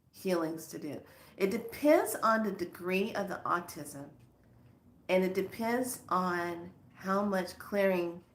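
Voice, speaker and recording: A woman who works as a spiritual healer, telling animated stories with a lot of repetition in a spiritual monologue. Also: lowish voice, reverberant.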